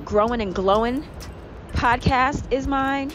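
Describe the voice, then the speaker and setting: A woman's voice: high voice, takes it slowly, soft background music. A woman hosting her own podcast, talking candidly and a bit profanely while walking home from work outdoors. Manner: candid, profane, animated storytelling with laughs. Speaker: podcast host. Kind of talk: casual solo podcast monologue.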